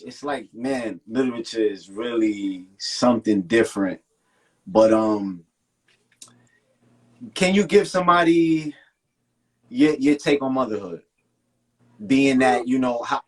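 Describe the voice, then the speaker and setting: A man's voice: medium pitch, takes it slowly, long pauses, poor audio. Laid-back man hosting an interview. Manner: loose and hesitant, many fillers and restarts, colloquial. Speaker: host. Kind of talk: casual interview talk.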